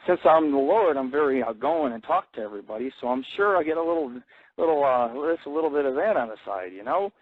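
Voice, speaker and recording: A man's voice: mid-range voice, expressive, fast, dry recording, phone-quality sound. A man hosting an internet radio show, rambling bluntly and swearing constantly in a casual monologue. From grew up in an Italian-American family.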